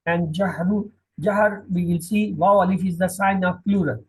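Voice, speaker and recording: A man teaching a classroom Quran lesson, drilling each word slowly and repeating the meanings. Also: high voice, fairly even intonation, rough recording. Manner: slow, repetitive, drilling word by word.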